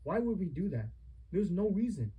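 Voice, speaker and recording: A man's voice: high-pitched, very animated, normal speed, mellow, slightly rough, lo-fi sound. A young man in a heated family argument, confronting his mother with accusing, repetitive rhetorical questions.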